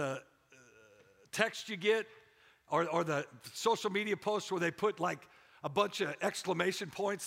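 A middle-aged pastor preaching a sermon with energy, repeating phrases for emphasis and rallying the congregation. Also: male voice, high-pitched, vocal fry, pushed and bright. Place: church sanctuary. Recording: echoey church hall.

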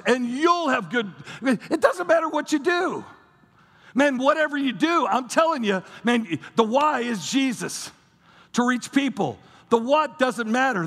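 A man's voice: extremely high pitch, a bit bright, husky. A male pastor preaching a sermon to a church audience, impassioned and emphatic, repeating words as he drives his points home. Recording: long hall reverb with music behind.

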